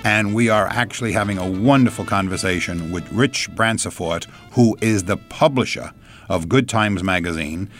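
A man's voice: fairly low pitch, normal speed, a bit bright, soft background music. A man hosting a radio interview, chatty with joking asides. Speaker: radio host.

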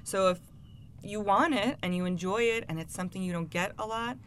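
A woman speaking as a guest expert, giving calm, measured advice in a casual talk-show chat, with frequent "you know" fillers. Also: medium pitch, a little hiss or hum.

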